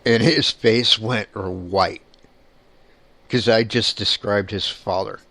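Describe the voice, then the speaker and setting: Blunt low-voiced man, dry close sound. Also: fairly even intonation, slow pace, pushed and bright, dry recording. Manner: blunt, swears casually. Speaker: paranormal investigator. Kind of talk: casual monologue.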